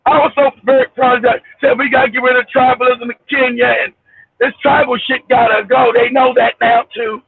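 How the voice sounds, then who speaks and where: A man hosting a casual livestream from his car, ranting loudly and profanely, laughing and shouting as he tells a story. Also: very high-pitched, little pitch movement, a little fast, vocal fry, slightly rough, no room sound. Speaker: show host. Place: car, driving. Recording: tinny phone line with faint hiss.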